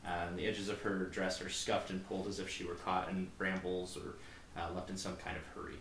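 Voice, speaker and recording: Low-voiced, hesitant male game master. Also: little pitch movement, fairly quick, fairly bright tone, roomy sound, a little hiss or hum, low-quality recording. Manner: hesitant, full of ums and restarts. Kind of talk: narrating a tabletop game.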